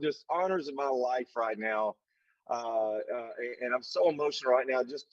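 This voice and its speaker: A man's voice: mid-range voice, no echo. Man, motivational speaker, folksy, emphatic, repeats phrases, dry slightly muffled recording. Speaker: leadership summit speaker. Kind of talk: motivational speech.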